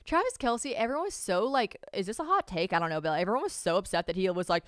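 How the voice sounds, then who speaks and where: A woman's voice: mid-range voice, lively intonation, fast, fairly bright tone, dry recording, studio quality. A young woman hosting a podcast, chatting casually and animatedly, swearing freely. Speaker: podcast host. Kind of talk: casual chat.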